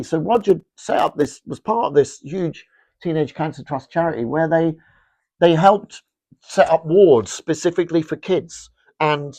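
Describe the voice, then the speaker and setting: A middle-aged man, a fashion brand founder, telling rambling, animated anecdotes with lots of restarts in a casual interview. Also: fairly high pitch, no echo.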